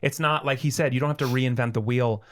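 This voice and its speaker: A man co-hosting a podcast in casual chat, speaking in a measured, reflective way as he explains and qualifies his points. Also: medium pitch, steady tone, a bit bright. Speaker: podcast co-host.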